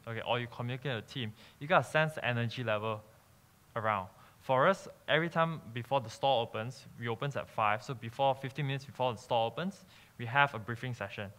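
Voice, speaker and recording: Bright-voiced young man. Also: mid-range voice. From Malaysia. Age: young adult. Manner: peppers sentences with "okay?" and "um", explanatory. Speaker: entrepreneur giving a talk. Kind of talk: conference talk to an audience.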